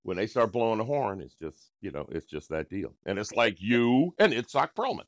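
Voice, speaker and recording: A man's voice: fairly low pitch, big pitch swings, normal speed, dry recording, dull audio. An older man, hosting a podcast in a rambling, laid-back drawl. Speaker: podcast host. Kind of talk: casual chat and read ads.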